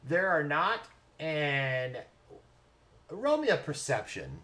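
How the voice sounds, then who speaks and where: A man's voice: a little high, very animated, slow pace, pushed and bright. A man running a tabletop game as game master, teasing his players and laughing often.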